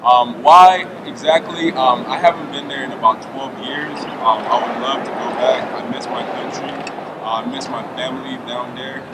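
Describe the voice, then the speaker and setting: A man's voice: mid-range voice, fairly even intonation, normal speed. A young man from Nigeria, a student, speaking hesitantly with many filler sounds in an interview. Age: young adult. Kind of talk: casual interview talk. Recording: distant mic, loud street noise.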